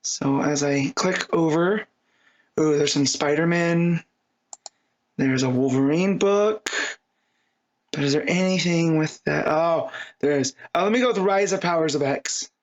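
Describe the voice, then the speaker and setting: High-voiced, rambling, enthusiastic man. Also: measured pace. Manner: rambling and enthusiastic, prone to tangents. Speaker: podcast co-host. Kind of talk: casual chat. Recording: slightly dull lo-fi audio.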